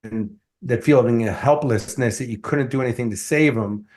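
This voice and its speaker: A man's voice: mid-range voice, normal speed. A middle-aged man speaking as a guest coach in an interview, with a mid-range voice. He tells anecdotes with energy and slips into the voices of the people he quotes. His talk is loose, with fillers and restarts. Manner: animated storyteller acting out quotes. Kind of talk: conversational storytelling interview.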